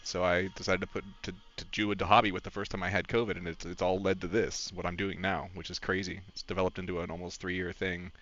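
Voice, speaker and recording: A man's voice: low-pitched, level tone, fast talker, hardly any pauses, fairly bright tone, dull audio. A man streaming a game, chatting casually in a rambling, candid and emotional way. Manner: rambling, candid and emotional, talks to his dog. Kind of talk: casual live-stream chat.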